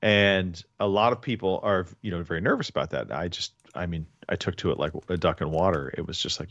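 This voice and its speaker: A man with a lowish voice hosting a podcast, talking casually and rambling, circling back over his words. The sound is dry and a little dull. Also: lively intonation, brisk, a bit bright, dry recording. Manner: rambling, restarts often. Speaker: podcast host. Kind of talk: casual chat.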